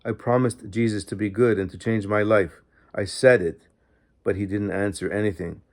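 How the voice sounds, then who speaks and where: A man's voice: fairly low pitch, fairly even intonation, moderate pace, a little mellow. A man narrating a diary in the first person, reading steadily and earnestly as an audiobook narrator.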